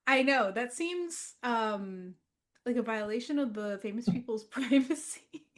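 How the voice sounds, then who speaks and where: A woman's voice: fairly high pitch, lively intonation, unhurried. Wry, chatty woman podcast co-host. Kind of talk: casual movie chat.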